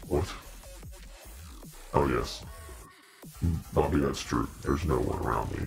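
A man with an extremely low, rumbling voice hosts a casual livestream in a demon persona. He rambles, jokes and chats directly with his viewers. Faint music sits in the background. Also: fairly even intonation, slow pace, creaky, pauses often. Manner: rambling, joking, talks to viewers.

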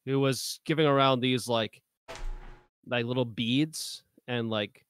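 A man's voice: medium pitch, fairly even intonation, slow pace, fairly bright tone, clear, resonant tone. A man in a casual podcast chat, rambling through a travel story with lots of "you know" and "like".

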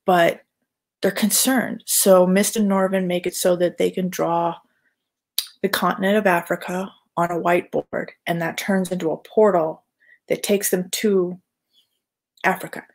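A woman's voice: lowish voice, fairly even intonation, unhurried. A woman artist casually chatting on a livestream, rambling with lots of fillers and restarts. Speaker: artist hosting a live chat.

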